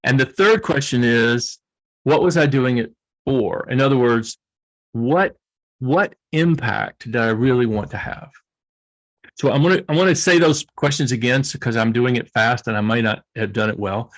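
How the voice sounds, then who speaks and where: A man's voice: mid-range voice, normal speed, fairly bright tone. A middle-aged man with a Southern US accent, speaking as a guest coach in an earnest, reflective way and often restarting his phrases.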